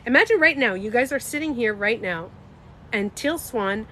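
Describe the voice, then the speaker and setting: A woman's voice: fairly high pitch, expressive, normal speed, sharp tone, slight background noise. A young woman hosting a casual livestream, talking emphatically and answering chat comments. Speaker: livestream host.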